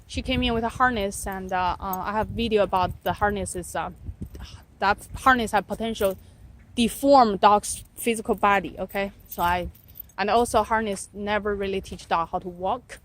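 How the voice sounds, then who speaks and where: Woman, dog trainer, casual advice on a walk, keeps asking "right?", praises the dogs, mid-pitched voice, faint outdoor hum. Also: fairly even intonation, normal speed. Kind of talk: casual instructional talk while walking dogs.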